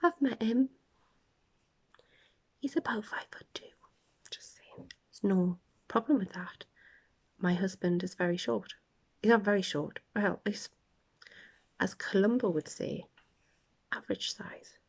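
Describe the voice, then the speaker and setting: A woman hosting a casual podcast, chatting with laughter and dropping into quiet asides. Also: mid-range voice, a little slow, long pauses, husky. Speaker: podcast host. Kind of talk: casual chat.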